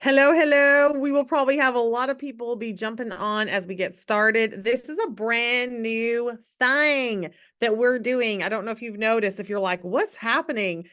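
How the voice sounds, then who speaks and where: Upbeat woman host, slightly high voice, video call, encouraging team leader. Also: fairly bright tone, smooth. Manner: bubbly, encouraging, fast shifts in pace.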